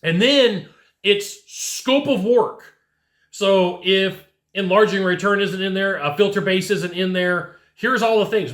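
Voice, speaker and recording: A man with a high, forceful voice coaches his listeners with animated, direct talk, often tossing in "right?" to check they follow. His voice rings in a roomy, echoey space. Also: moderate pace. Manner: animated, talks straight to the listener, keeps asking "right?". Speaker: sales coach. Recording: echoey room.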